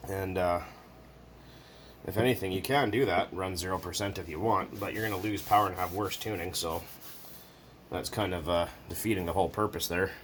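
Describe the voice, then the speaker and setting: Deep-voiced man rambling at his workbench. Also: fairly even intonation, moderate pace, fairly bright tone, a little hiss or hum. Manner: joking, rambling, swears casually. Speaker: hobbyist video maker. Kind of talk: casual workshop chat.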